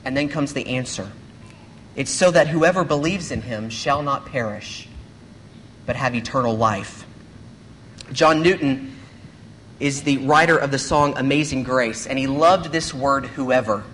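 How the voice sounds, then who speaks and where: A man serving as a pastor, giving a sermon to a church congregation in an earnest, measured way, often posing rhetorical questions. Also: mid-range voice, fairly bright tone, slight background noise.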